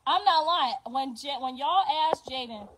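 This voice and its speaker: An older woman hosting a livestream, telling a story in a casual, animated and profane way, swearing and repeating herself for emphasis. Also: high voice, normal speed, noisy background. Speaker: livestream host.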